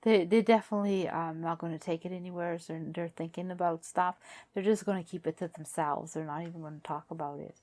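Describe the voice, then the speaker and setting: Low-voiced woman musing through a tarot reading. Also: fairly even intonation, darkish tone. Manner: musing aloud, halting and repetitive. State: losing her voice. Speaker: tarot reader. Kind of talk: casual tarot card reading.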